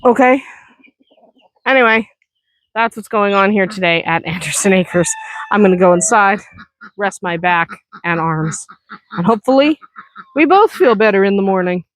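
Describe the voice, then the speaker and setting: A woman's voice: mid-range voice, moderate pace, pauses often, dry recording. Woman farmer chatting to camera outside, kinda worn out, dry close sound. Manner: chatty and reassuring, talking while walking around the farm. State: tired and sore after heavy lifting. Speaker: farm vlogger. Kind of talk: casual vlog chat. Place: outdoors on a farm.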